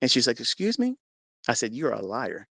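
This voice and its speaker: A man's voice: mid-range voice, fairly quick, vocal fry, pushed and bright, husky, no echo. A man with a mid-range voice earnestly recounting a personal faith story to an online audience, acting out his own past words as he goes. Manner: religious. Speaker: trading mentor. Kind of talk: personal testimony told to an audio-chat audience.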